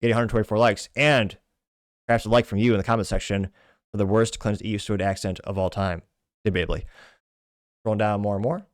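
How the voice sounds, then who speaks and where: A man with a fairly low voice hosts a podcast, casually reading comments aloud and commenting on them. He stumbles and restarts often, joking at his own expense. The recording is dry and close. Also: steady tone, a little fast, pauses often, no echo. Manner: stumbling, self-deprecating, frequent restarts. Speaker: podcast host.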